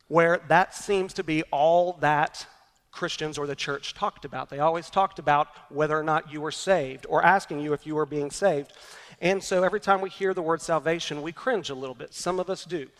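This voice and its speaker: A man's voice: a little high, big-room sound. A man preaching a sermon as pastor, earnest and emphatic, repeating his key points.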